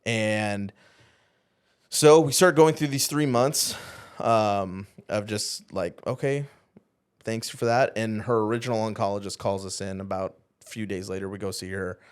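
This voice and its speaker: A man with a fairly low voice tells a personal story as a podcast guest and youth pastor. He talks in an animated way, slipping into the voices of the people he quotes, with plenty of "like" in between. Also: a little slow, clear, resonant tone. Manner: animated, acts out quoted dialogue, heavy use of "like". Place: podcast studio.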